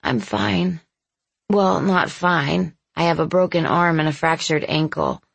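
A woman's voice: fairly low pitch, steady tone, measured pace, vocal fry, breathy edge, exaggerated voice. A woman voicing a weary, injured young mother who sounds casual and deflects questions. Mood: tired casual.

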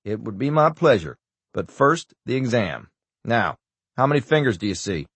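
A man's voice: mid-range voice, big pitch swings, moderate pace, fairly bright tone, husky, no echo, heavily acted. A man voicing a wisecracking male doctor who puts on a bad Scottish accent, in an audiobook. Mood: teasing. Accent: fake Scottish. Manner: teasing, wisecracking. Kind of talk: audiobook character voice.

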